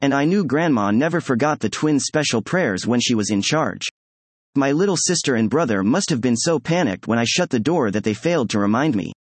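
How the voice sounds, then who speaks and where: Male audiobook narrator, measured storyteller, husky tone, dry close mic. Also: mid-range voice, animated, no echo. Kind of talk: first-person story narration.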